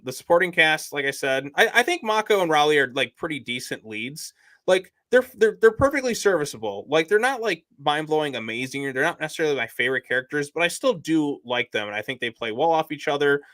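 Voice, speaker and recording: A man's voice: on the high side, very animated, fairly quick, pushed and bright, no room sound. A man co-hosting a casual movie review podcast, rambling with lots of "like" and "um". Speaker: podcast co-host.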